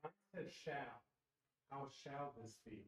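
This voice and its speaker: A man's voice: mid-range voice, slow pace, slight background noise. Distant man chiming in from class. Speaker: class member. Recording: distant voice in echoey room.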